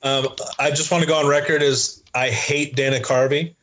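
A man's voice: on the high side, steady tone, moderate pace, fairly bright tone. A man on a comedy podcast, rambling in casual banter with plenty of hesitations. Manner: rambling, hesitant, full of ums. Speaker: podcast co-host.

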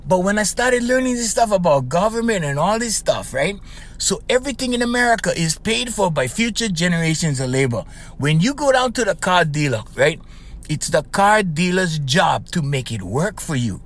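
In a casual monologue, a middle-aged man with a Hawaiian Pidgin-tinged accent hosts his life coach podcast, rambling, tacking "right?" onto lines, and laughing often as he tells stories. He sounds high-pitched and very animated, with a fairly bright tone at a normal pace.

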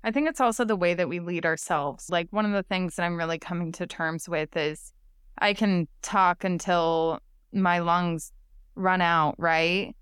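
A woman hosting a podcast, speaking in a measured, thoughtful and encouraging way. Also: on the low side, fairly bright tone, clear, resonant tone, dry recording, clean studio sound. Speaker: podcast host. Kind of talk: conversational podcast chat.

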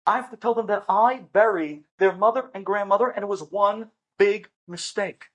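A man's voice: sits high, normal speed, muffled recording. A man voicing a frantic middle-aged son who fires off incredulous questions.

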